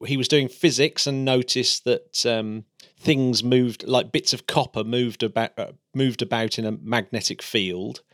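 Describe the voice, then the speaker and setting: A man's voice: mid-range voice, steady tone, a little slow, fairly bright tone, dry recording. Eager male podcast host, dry sound. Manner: eager, explaining with enthusiasm. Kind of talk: casual chat.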